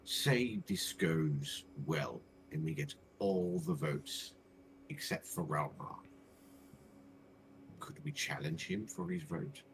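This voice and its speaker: A man at a tabletop game speaks in a very deep, gravelly voice that swings widely in pitch. He pitches ideas haltingly, restarting as he goes, over clear background noise. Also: sing-song. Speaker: player. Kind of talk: casual chat at a tabletop game. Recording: noisy recording.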